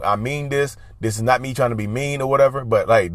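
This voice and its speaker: A man with a mid-range voice speaks fast in a casual talk to camera, working as an advice vlogger. He repeats and emphasizes his advice, often calling his viewers y'all, with no echo in the recording.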